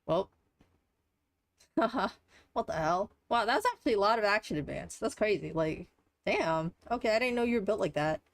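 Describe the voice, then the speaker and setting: A woman's voice: mid-range voice, expressive, moderate pace, long pauses, no room sound. A young adult woman streaming live, talking through a game in a rambling, offhand way and swearing casually. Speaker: livestreamer.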